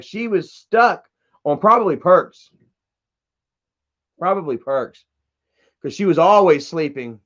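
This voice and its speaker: A man hosting a livestream, ranting bluntly and with profanity while reading chat comments aloud. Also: high voice. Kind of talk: candid casual livestream rant. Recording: dull lo-fi stream audio.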